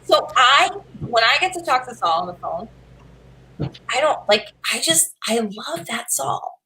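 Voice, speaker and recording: A woman in a casual video call chat, excitable and quick to laugh. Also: fairly high pitch, poor audio.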